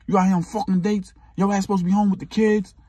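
A man's voice: high-pitched, little pitch movement, quick pace, husky, no room sound, clean studio sound, voice pushed up. A man voicing a furious, jealous young ex-boyfriend who curses and threatens. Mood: angry. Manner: shouting, cursing, threatening.

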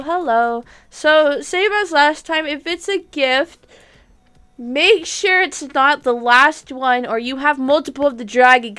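A young woman streaming a game live, bubbly and giggly, chatting excitedly with her viewers. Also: sits high. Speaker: gaming streamer. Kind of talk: live-stream gameplay chat.

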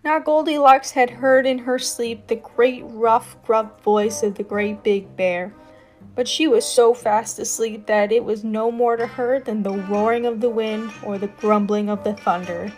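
A woman telling a fairytale as a guest storyteller, reading expressively with lively emphasis. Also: fairly high pitch, unhurried. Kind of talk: storybook narration. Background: background music.

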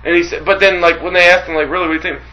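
A man talks sports on a casual radio show, his voice bright and pushing a little high. He is excitable and profane, firing off opinions fast. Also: highs cut off. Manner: profane, excitable, rapid-fire. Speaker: podcast co-host.

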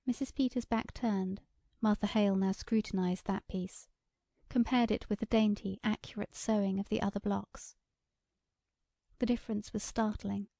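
A woman narrating a short story as an audiobook reader, in a measured, even delivery. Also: mid-range voice, vocal fry, no echo. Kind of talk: scripted narration.

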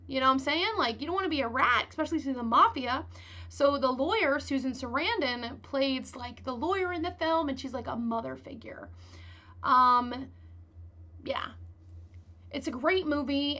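A woman's voice: sits high, pushed and bright, highs cut off. A woman hosting a casual true-crime podcast, rambling and chatty with lots of filler words. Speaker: podcast host.

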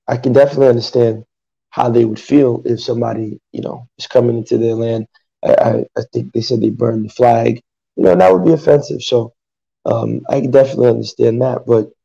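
A man speaking as a podcast panelist in a casual discussion, hesitant and halting, often pausing with fillers. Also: mid-range voice, creaky, dark tone, breathy edge, highs cut off.

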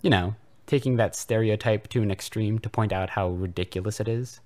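A man's voice: on the low side, a little fast, darkish tone, close to an everyday voice. A man voicing a whiny, defensive adult male atheist troll in a comedic fanfiction reading. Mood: explaining.

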